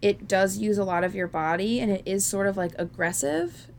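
A woman's voice: mid-range voice, normal speed, vocal fry, darkish tone, slight background noise. A woman co-hosting a podcast, chatting candidly and jokingly about a film and laughing often. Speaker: podcast co-host.

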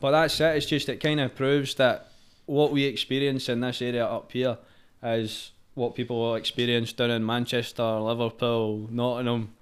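Smooth-voiced Scottish man chatting. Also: medium pitch, little pitch movement, moderate pace. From Fife, Scotland. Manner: chatty, laid-back, broken-up phrasing. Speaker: singer-songwriter guest. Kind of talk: casual podcast chat.

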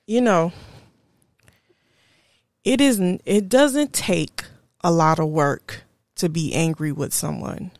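A young adult woman, telling a personal story in a slow, reflective and candid way as a podcast host. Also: fairly low pitch, darkish tone, dry recording, studio quality. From Houston, Texas area. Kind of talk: personal monologue.

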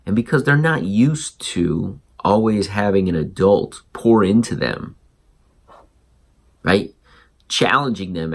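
A man hosting a parenting show, telling a story and acting out the dialogue in an animated way. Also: lowish voice, husky. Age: adult parent. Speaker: podcast host. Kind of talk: storytelling monologue.

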